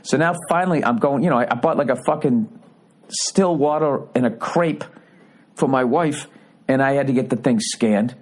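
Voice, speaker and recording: A man in his forties hosts a podcast, spinning a rambling story as a profane, mock-indignant rant in a casual comedic monologue. His voice is medium in pitch, at a moderate pace.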